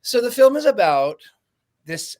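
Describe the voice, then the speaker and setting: A man's voice: very high voice, sing-song, a little slow, a little mellow. A man co-hosting a casual panel chat over a video call, a little flustered and rambling. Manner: flustered, rambling self-introduction. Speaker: co-host.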